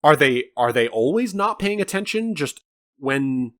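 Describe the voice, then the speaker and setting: A man co-hosting a podcast, chatting casually about a film in an animated, rambling way with some swearing. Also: a little high, unhurried. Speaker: podcast co-host. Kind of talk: casual film review chat.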